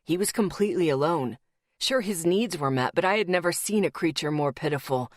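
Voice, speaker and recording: Woman doing a brooding young male werewolf, low growling voice, clipped, dry audiobook sound. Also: expressive, fairly quick, dry recording. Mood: bitter. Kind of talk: audiobook character voice.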